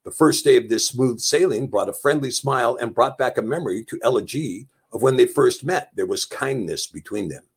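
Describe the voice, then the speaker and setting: A man's voice: medium pitch, lively intonation, brisk, hardly any pauses, breathy edge. A man reading a novel aloud as narrator, telling it plainly and lightly voicing the dialogue. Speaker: audiobook narrator. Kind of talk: scripted narration.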